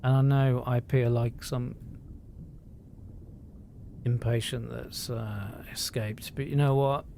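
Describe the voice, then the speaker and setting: A man's voice: mid-range voice, little pitch movement, creaky, dark tone, a little hiss or hum. Earnest man rambling on a live stream. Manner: earnest, emotional, swears freely, halting restarts.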